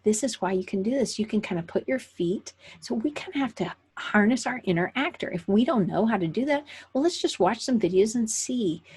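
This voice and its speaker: Speaking in a lowish, slightly mellow and husky voice, this woman runs a weekly online meetup for creative people. Her live-stream talk is easygoing and meandering, full of fillers and corrections, delivered into a computer mic.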